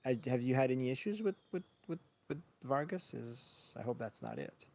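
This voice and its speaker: Man playing a weary, gentle village priest. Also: medium pitch, lively intonation, vocal fry. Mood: weary, polite. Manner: halting, stammering, gentle concern. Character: kindly weary middle-aged male priest. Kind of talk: tabletop role-play in character.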